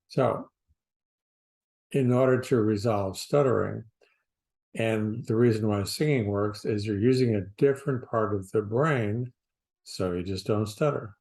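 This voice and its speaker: A man who coaches people who stutter, explaining in a slow, deliberate, plain-spoken way with pauses. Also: lowish voice, a little mellow. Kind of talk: casual explanatory talk to camera.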